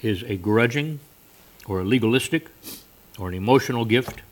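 A man preaching a sermon and telling a story, often coughing and clearing his throat. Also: medium pitch, moderate pace.

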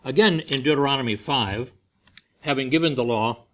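A man's voice: mid-range voice, moderate pace. A man preaching a sermon, telling a family story and acting out the voices he quotes.

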